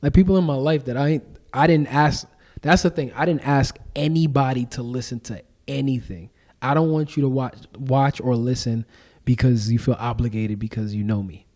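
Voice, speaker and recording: Young man, podcast host, casual slangy talk, mellow dark tone, middle pitch, animated retelling. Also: normal speed. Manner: animated storytelling, acts out quoted exchanges. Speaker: podcast host and owner being interviewed.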